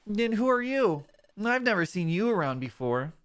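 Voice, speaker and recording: Man voicing earnest young Mudkip, high, lively, slow. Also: a little hiss or hum. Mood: curious. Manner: raised, earnest storybook voice. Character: friendly young male Mudkip partner, earnest.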